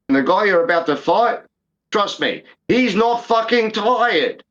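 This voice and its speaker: On a dull, lo-fi recording, a podcast co-host in his fifties banters casually about fighting in a high-pitched, animated, fairly bright voice. He keeps a measured pace while swearing freely and speaking in emphatic, repeated bursts.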